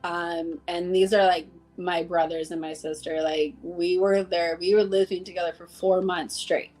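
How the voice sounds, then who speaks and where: In a casual interview, a woman guest recounts heartfelt stories about her coworkers, playing out the dialogue with many "like" fillers. Her darkish voice is lowish and level, delivered at normal speed.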